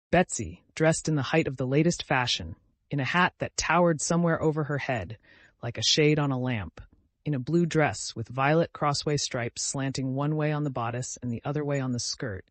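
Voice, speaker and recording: A man narrates a classic novel in a steady, even storytelling manner, his voice sitting in an ordinary middle range. The recording is dry and close, with no room around it. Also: mid-range voice, no room sound. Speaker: audiobook narrator. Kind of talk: scripted narration.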